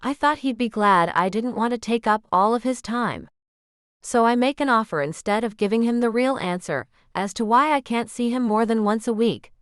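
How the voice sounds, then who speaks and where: A woman narrating a romance audiobook in the first person, with an expressive reading. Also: a little high, normal speed, clear, resonant tone, dry recording, studio quality.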